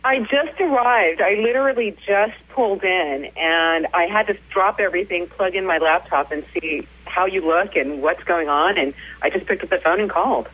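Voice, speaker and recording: A woman calling in to a radio show, eager and excited to talk. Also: fairly low pitch, moderate pace, few pauses. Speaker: caller. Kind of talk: phone call-in chat. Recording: phone line.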